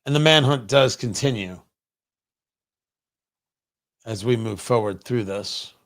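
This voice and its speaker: A man's voice: mid-range voice, slow pace, a bit bright. A middle-aged man hosting a political commentary livestream, firing off sarcastic, heated rhetorical questions. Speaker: talk show host.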